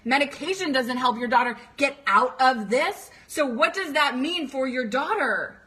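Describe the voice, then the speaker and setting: A young woman who coaches teenage girls speaks straight to camera to parents, earnest, emphatic and direct, now and then acting out panicked voices. Her voice is high, her pace measured, her tone sharp.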